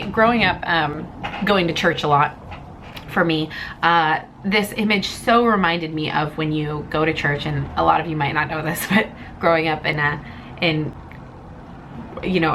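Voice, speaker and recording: A woman's voice: low voice, steady tone, moderate pace, fairly bright tone, slight background noise, rough recording. A young woman reviewing a comic in a casual vlog, rambling and emotional, close to tears. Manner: emotional, rambling, tearful at times.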